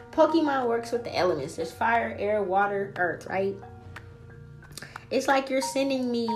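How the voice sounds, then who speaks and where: A woman hosting a spiritual podcast alone, ranting in a brash, profane, trash-talking way. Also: medium pitch. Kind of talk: casual solo podcast rant.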